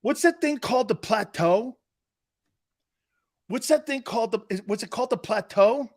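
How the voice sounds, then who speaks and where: A middle-aged male sports talk host with a fairly high voice that swings up and down wildly. He talks loudly and excitably, laughs a lot, and acts out the people in his stories. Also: normal speed. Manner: loud, laughing, excitable, acts out quotes from friends and family. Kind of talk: animated storytelling on a sports show.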